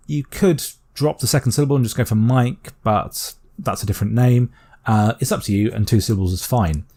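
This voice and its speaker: A British man explaining a constructed language step by step in a calm, methodical tutorial voice. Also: on the low side. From Britain. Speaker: language teacher.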